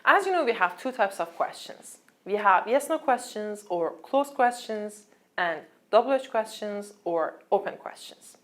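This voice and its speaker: A woman, teaching an online language lesson, who explains patiently and says her examples slowly. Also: medium pitch, lively intonation.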